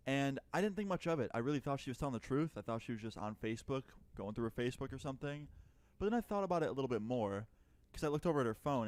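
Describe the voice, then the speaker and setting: A man with a medium-pitched voice, recorded with no room sound, narrates a personal story in a casual storytime. He's chatty and profane, voicing both sides of the dialogue himself.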